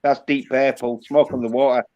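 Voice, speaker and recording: A man's voice: medium pitch, level tone, a little fast, darkish tone. A man with a Yorkshire accent talking in crude, sweary casual banter. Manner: crude, swears a lot, drawls. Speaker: host. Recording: dull lo-fi sound.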